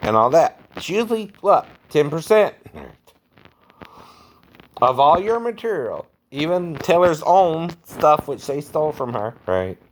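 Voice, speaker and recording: A man's voice: fairly high pitch, big pitch swings, measured pace. A man who works as an impersonator talks casually to his viewers, keeps adding "right?" and chuckles often. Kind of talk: casual vlog monologue.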